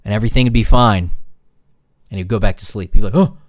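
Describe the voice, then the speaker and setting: A man's voice: fairly low pitch, fast talker, no room sound, clean studio sound. A man and new father hosting a casual podcast monologue, telling jokey stories. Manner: animated, jokey storytelling.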